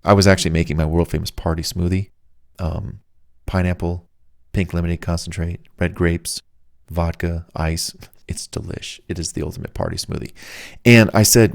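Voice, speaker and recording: Chatty salesman-style male author, deep voice, dry close mic. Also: steady tone, normal speed, a little mellow, dry recording. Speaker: author reading and riffing on his own book. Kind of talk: casual advice monologue.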